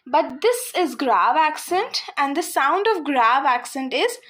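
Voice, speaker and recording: A woman's voice: high-pitched, expressive, moderate pace, few pauses, fairly bright tone. A woman teaching a French lesson to beginners, patiently repeating words and spelling out endings. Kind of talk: slow explanatory lesson for beginners.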